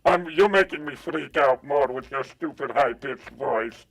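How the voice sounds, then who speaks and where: A man's voice: medium pitch, a little slow, creaky, a bit bright, slightly rough. A man calling into a live show, panicky and insulting. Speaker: caller. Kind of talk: comic bit over a call.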